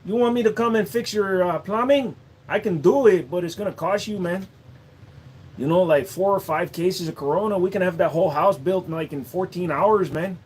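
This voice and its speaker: A cocky, easygoing handyman with a mock Mexican accent, as a man puts him on. He speaks high and pushed in a loose, drawling way. It is a comic bit on a livestream. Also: moderate pace, darkish tone, husky. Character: boastful laid-back male handyman.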